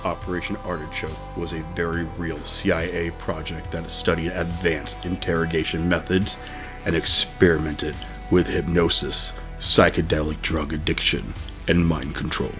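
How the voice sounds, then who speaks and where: A man putting on a deep, would-be seductive male movie narrator voice as a joke. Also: flat delivery, normal speed, music in the background, lightly acted. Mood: mock-seductive.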